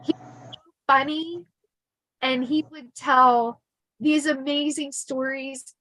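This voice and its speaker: The audio is poor, but her high, slightly bright voice comes through steady in tone and slow in pace. She's a middle-aged woman telling stories from her life on her podcast, chatting casually, laughing often and restarting sentences with lots of fillers.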